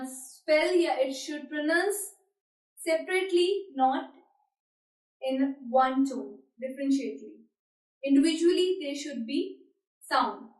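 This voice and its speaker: Slow, high-voiced woman teacher, echoey room. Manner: slow and deliberate, repeating words. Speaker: French teacher. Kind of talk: beginner language lesson. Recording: roomy echo, mic at a distance.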